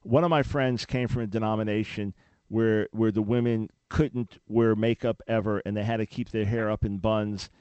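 A man's voice: on the low side, steady tone, moderate pace, a little mellow, smooth, no room sound, muffled recording. A man hosting a call-in radio talk show, speaking in an earnest, preacherly way with emphatic restarts.

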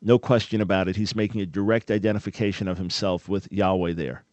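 A man's voice: deep voice, steady tone, quick pace, a little mellow, dry recording. A man hosting a call-in radio show, explaining things in an earnest, emphatic way.

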